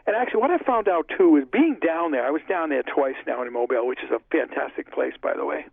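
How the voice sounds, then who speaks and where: A chatty man with a fairly high voice tells stories in an interview, acting out each exchange as he goes. He comes through a tinny, phone-like line. The sound is dry, with no room echo. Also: expressive, fast, vocal fry. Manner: chatty, retells conversations in dialogue. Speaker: interview guest, filmmaker. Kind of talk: casual storytelling interview.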